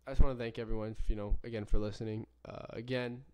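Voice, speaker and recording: A man's voice: fairly low pitch, steady tone, fast, mellow, smooth. A young man hosting a solo podcast, telling a story in a rambling, profane way with many self-corrections. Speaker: podcast host.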